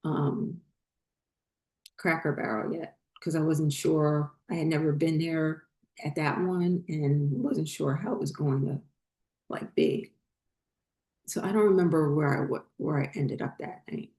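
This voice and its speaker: Low, mellow-voiced woman telling a story. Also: steady tone, a little slow, reverberant. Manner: rambling, many fillers and restarts. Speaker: spiritual channel host. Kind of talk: casual personal storytelling.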